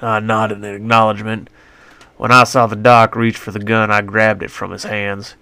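A man's voice: on the low side, level tone, moderate pace, vocal fry, sharp tone, clear, resonant tone, no room sound. A man narrating his own western story in a folksy, colloquial first-person voice on a close mic.

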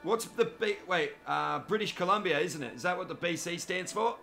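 Bright-voiced cheeky Australian gamer. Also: male voice, sits high, moderate pace, gravelly, soft background music. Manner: cheeky, joking, chats to viewers by name. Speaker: gaming commentator. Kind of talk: live gameplay commentary.

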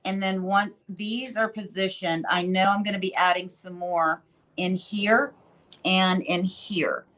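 A woman's voice: fairly low pitch, steady tone, measured pace, a bit bright. A woman hosting a live furniture-painting stream, chatting casually and thinking aloud as she works. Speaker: host. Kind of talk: casual demo narration.

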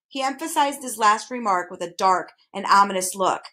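A woman reading a chapter book aloud with expressive, even narration. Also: mid-range voice, normal speed. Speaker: reader. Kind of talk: storybook read-aloud.

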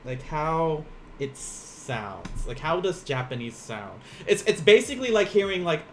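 A man's voice: a little high, sing-song, unhurried, a little hiss or hum. A young man teaching a casual livestream language lesson from home, rambling, laughing often and poking fun at himself, with lots of fillers. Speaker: Japanese teacher. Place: home room.

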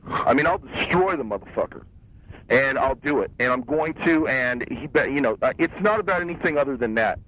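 A man's voice: medium pitch, expressive, a little fast, fairly bright tone. A young man ranting in a casual conversation, agitated, boastful and full of profanity. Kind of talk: casual phone-style conversation. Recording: muffled lo-fi cassette tape.

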